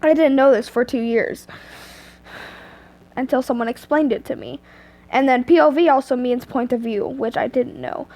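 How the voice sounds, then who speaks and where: A teenage girl reads fanfiction aloud into an earphone mic at home. Her voice is high, and she keeps breaking off for giggly, self-mocking, chatty asides. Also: vocal fry, a little mellow. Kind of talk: reading fanfiction aloud with commentary.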